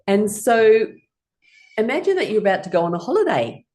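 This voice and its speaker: A woman's voice: mid-range voice, big pitch swings, brisk, a little mellow. A middle-aged woman teaching a guided laughter exercise class, playful and laughing often as she leads rhythmic ha-ha chants.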